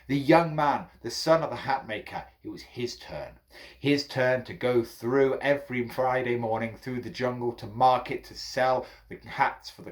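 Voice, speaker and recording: A man tells a children's folk tale in a playful manner, calling his listeners his friends. His voice swoops up and down in lively, animated bursts. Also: medium pitch. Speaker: storyteller.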